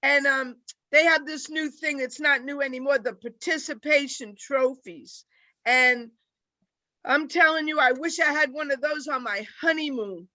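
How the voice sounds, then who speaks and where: An older woman with a New York accent, a former teacher doing a deadpan, rambling stand-up set over a video call. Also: high-pitched, unhurried, no room sound, poor audio. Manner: deadpan, rambling joke delivery. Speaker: stand-up comic.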